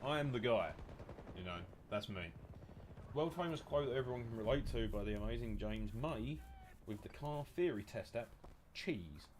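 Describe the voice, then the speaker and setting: A man's voice: medium pitch, animated, normal speed, darkish tone, slight background noise. A young British man with a blocked, nasal nose, rambling and swearing in casual chatter to his live-stream chat while he plays. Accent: British English. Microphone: headset.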